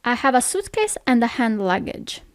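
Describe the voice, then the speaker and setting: A woman with an Italian accent, teaching phrases in a patient lesson, saying each one slowly and repeating it. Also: fairly high pitch, very animated, dry recording, clean studio sound. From Italy.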